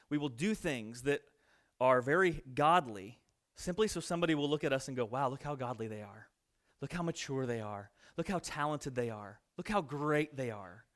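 Man, pastor, sermon, high voice, animated asides. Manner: animated, mimics boastful people in asides.

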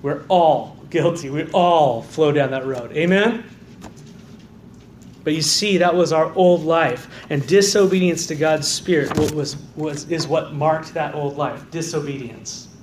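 A man preaching a sermon as pastor, dropping to quiet low stresses and rising to loud, fervent calls of "amen". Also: a little slow, roomy sound, a little hiss or hum. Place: church sanctuary.

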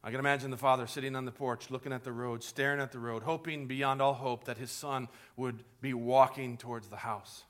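A middle-aged man preaching a sermon in a church, telling stories and swinging from hushed asides to loud, animated lines. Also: medium pitch, a little fast, few pauses. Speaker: pastor. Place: church sanctuary.

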